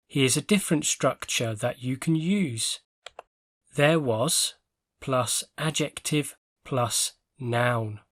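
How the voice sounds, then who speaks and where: Slow, measured male English teacher. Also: mid-range voice, fairly bright tone, no room sound. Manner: clear, measured explanation with careful word stress. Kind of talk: scripted vocabulary lesson.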